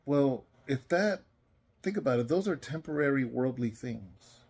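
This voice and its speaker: A man with a husky, darkish, medium-pitched voice and lively intonation speaks a little slowly. Tired and yawning, he talks as a pastor giving a self-recorded devotional message that is earnest, rambling and conversational in a casual spoken style.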